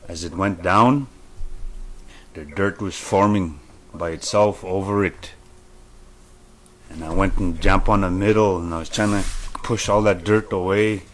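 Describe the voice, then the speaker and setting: A man from Manitoba, Canada, sharing a personal vision testimony in an earnest, halting way, repeating himself as he goes. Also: low-pitched, a little hiss or hum.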